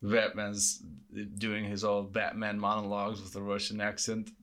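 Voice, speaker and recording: Low-voiced joking man, halting. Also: monotone, fairly bright tone. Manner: joking, halting with stammered restarts. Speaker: podcast co-host. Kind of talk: casual chat.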